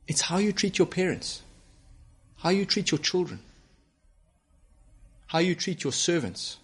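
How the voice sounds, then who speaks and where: A male pastor delivers a sermon to people watching at home. His voice sits slightly high for a man. He speaks earnestly and with emphasis, firing off searching rhetorical questions. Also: animated, a little slow, breathy edge. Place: church broadcast to home viewers.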